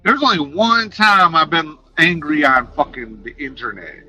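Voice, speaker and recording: A man chatting casually on a live stream, talking in an animated, passionate way and swearing freely, speaking into a headset. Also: on the high side, normal speed, breathy edge, faint music behind, low-quality recording. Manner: animated, passionate, profane talk.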